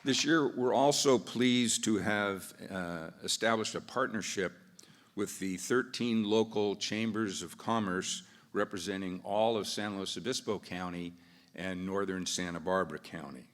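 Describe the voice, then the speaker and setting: A man's voice: lowish voice, unhurried. An American man moderating a business event, giving easygoing opening remarks with fillers and restarts into a podium microphone. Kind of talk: opening remarks with a told joke. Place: large conference hall. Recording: long reverb of a large hall.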